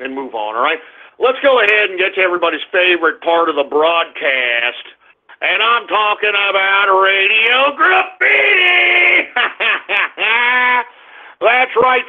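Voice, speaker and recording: A man hosting a talk radio show, ranting in a sarcastic, profane way. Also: high voice. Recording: tinny phone-line sound.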